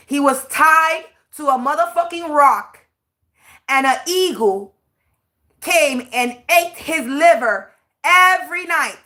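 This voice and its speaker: A woman's voice: high voice, animated, slow pace, sharp tone. A woman, a spiritual reader, ranting on a livestream in a blunt, profane and preachy way, drawing out words for emphasis. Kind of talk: livestream rant.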